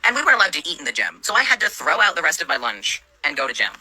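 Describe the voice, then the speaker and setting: Young man, storyteller, sarcastic and profane, quick delivery, very bright tone. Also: on the high side, huge pitch swings, no echo, low-quality recording. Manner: sarcastic, swears a lot. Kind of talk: casual storytime narration.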